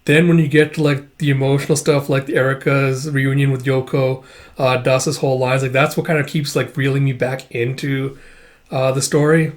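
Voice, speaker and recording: A man's voice: mid-range voice, level tone, normal speed. A man hosting his own channel, giving a rambling, candid spoken review of a manga volume, full of "like" and "you know" fillers. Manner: opinionated, candid critique.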